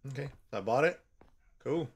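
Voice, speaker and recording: A man giving horror game commentary as a channel host, excitable and quick to yell when startled. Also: mid-range voice, slightly rough.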